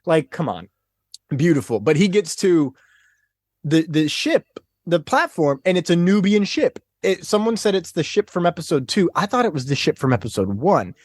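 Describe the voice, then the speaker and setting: Excitable man on a podcast. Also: fairly high pitch, moderate pace, dry recording, studio quality. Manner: excitable, animated retelling with gasps and laughs. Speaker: podcast guest. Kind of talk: casual chat.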